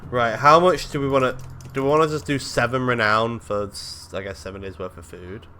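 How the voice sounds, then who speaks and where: A male streamer reading a game's text aloud and reacting excitably, swearing when surprised. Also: medium pitch, a little fast, slight background noise.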